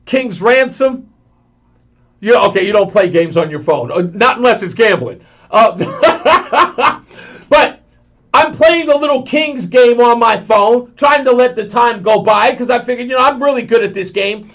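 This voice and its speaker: A man hosting a talk radio show, telling a long story in an animated way and acting out the voices of the people in it. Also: extremely high pitch, measured pace, muffled recording.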